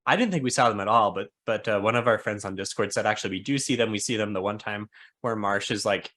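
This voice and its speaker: A man's voice: on the low side, fast talker, a bit bright. Chatty self-mocking man podcast host. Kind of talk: casual book chat.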